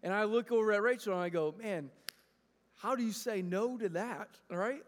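A pastor in his thirties with a high voice preaches a sermon to his congregation at a moderate pace, speaking earnestly and conversationally and often restarting phrases. The long reverb of the large church sanctuary rings through his voice.

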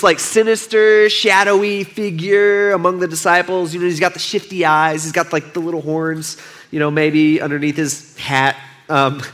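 A young man giving a casual, conversational sermon, retelling a story and acting out the quotes with lively shifts in voice. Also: fairly high pitch. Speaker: pastor.

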